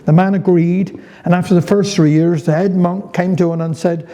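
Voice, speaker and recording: A man's voice: sits high, moderate pace, warm tone, poor audio. A man with a Cornish accent reading humorous dialect stories and rhymes in a chatty way to a live audience at a heritage talk. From Cornwall. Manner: chatty, humorous rhyming recitation. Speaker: dialect storyteller.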